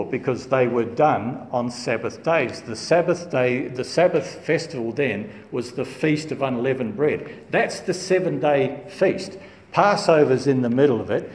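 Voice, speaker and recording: A man's voice: mid-range voice, reverberant, in a large hall. A man teaching through a Bible passage verse by verse, earnest and emphatic, recorded in a room at home. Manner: earnest, emphatic, stresses key words.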